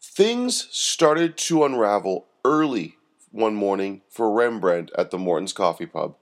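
A man hosting and narrating a Christian parable story with expressive delivery. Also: lowish voice, unhurried. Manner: expressive narration with lively intonation. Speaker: storyteller host.

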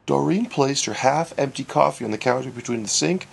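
Man as storyteller, wry storybook reading, gravelly, husky. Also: medium pitch, a little fast. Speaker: narrator. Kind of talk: storybook narration.

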